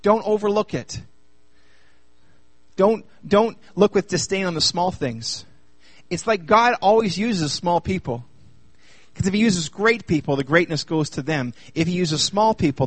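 A man preaching a sermon in an animated way, asking the audience many rhetorical questions. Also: sits high, dry recording.

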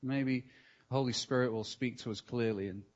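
A man's voice: medium pitch, steady tone, moderate pace, muffled recording. A man with a British accent, preaching a conversational sermon with practical asides. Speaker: pastor.

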